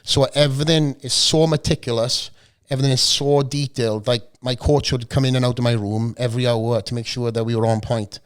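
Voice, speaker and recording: A Welsh man in his forties, a bit hoarse from a cold, chatting as a podcast guest and telling stories full of swearing and jokes. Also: medium pitch, fairly even intonation, brisk. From South Wales. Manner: swearing, storytelling, joking. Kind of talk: casual chat. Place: podcast studio.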